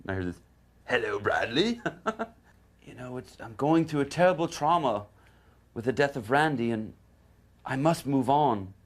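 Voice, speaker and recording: A guitarist telling a lively anecdote, putting on other people's voices and laughing often. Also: male voice, mid-range voice, normal speed. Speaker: guitarist, interviewee. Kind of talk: animated storytelling.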